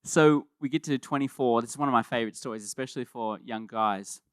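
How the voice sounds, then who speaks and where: A man preaching a sermon as pastor, in a conversational and animated way, often repeating words as he starts a thought. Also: medium pitch, fast talker, clean tone, dry recording, studio quality.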